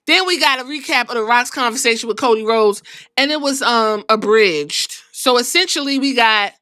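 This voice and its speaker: A woman's voice: fairly high pitch, moderate pace, bright, forceful tone, no echo, studio quality. A young woman hosting a podcast, recapping wrestling in a sassy, profane, casual way. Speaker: podcast host.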